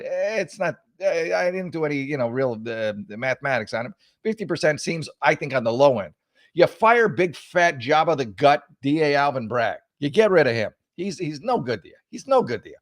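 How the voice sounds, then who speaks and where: Male show host, a touch high, dry close sound, sarcastic and rambling. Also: no room sound. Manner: sarcastic, mocking, rambling with restarts. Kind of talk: casual political commentary.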